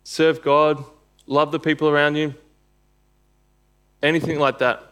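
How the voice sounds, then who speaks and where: A man's voice: a little high, little pitch movement, a little slow, fairly bright tone, smooth. A man preaching a sermon and reading scripture aloud, earnest and emphatic, building to bursts of intensity.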